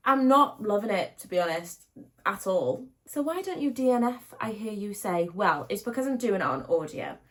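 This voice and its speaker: Bubbly young British woman vlogging. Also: lowish voice. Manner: bubbly and gushing, many likes and ums. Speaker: book vlogger. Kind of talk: casual chatty vlog. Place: at home.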